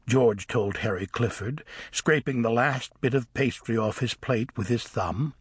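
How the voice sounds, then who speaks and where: Husky man narrating expressively. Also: medium pitch, unhurried, hardly any pauses, no room sound, clean studio sound. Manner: expressive, varied storytelling delivery. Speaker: audiobook narrator. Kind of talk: scripted narration.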